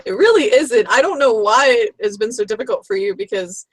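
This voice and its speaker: A host of a casual group video call, reacting and talking quickly and chattily. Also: mid-range voice, expressive.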